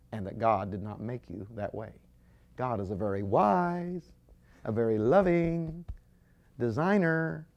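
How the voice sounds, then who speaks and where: A man preaching a sermon with animated storytelling, acting out scenes as he goes. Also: mid-range voice, vocal fry, lo-fi sound.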